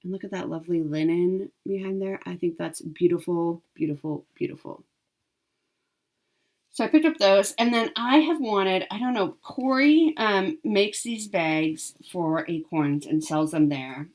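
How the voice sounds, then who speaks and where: With a mid-range voice, a woman talks a little slowly and with few pauses while showing off her cross-stitch haul and giveaways to camera. The chat is upbeat and casual, sprinkled with ums and self-corrections.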